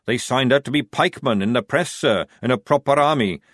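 A man doing a gruff, crafty old sergeant. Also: mid-range voice, brisk, a bit bright, no room sound, clean studio sound, pitched above the performer's own voice, close to an everyday voice. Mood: sly. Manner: rough working-class speech, dropped words.

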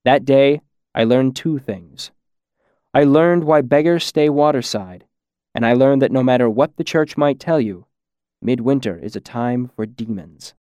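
A man reading a first-person story aloud in a measured way, dropping quieter on the darker lines. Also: mid-range voice, no echo. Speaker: audiobook narrator. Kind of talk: scripted first-person narration.

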